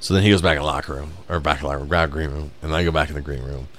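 A man's voice: a bass voice, fairly even intonation, very fast, a bit bright, slight background noise. A man casually telling a rambling, profane story on a podcast, laughing as he goes. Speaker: podcast host.

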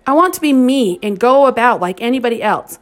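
A woman's voice: a little high, lively intonation, a little fast, pitched above the performer's own voice, lightly acted. Fierce indignant teen girl, as a woman reads her. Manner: intense, indignant. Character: fierce, passionate teenage girl.

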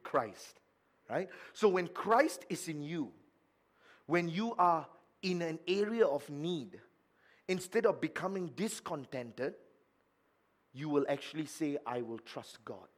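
A man's voice: fairly high pitch, expressive, slow pace, long pauses. A male pastor preaching a midweek sermon, asking the congregation questions and stressing his points.

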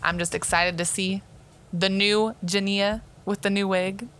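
A young woman chatting on a podcast with a bright, forward tone. She giggles a lot and swears casually. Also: medium pitch, fairly even intonation, measured pace. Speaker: podcast co-host.

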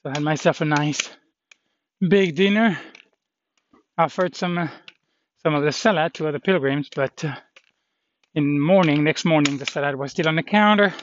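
Rambling man vlogging on a trail. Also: fairly high pitch. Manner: rambling, halting, many fillers. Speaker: walking pilgrim vlogger. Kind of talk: casual walking vlog. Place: outdoors on a hilly trail. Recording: dull lo-fi with faint noise.

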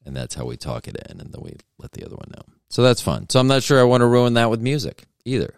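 A man's voice: mid-range voice, big pitch swings, fast talker, vocal fry, no echo, studio quality. A man hosting a solo podcast, rambling through jokes and self-deprecating asides. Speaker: podcast host.

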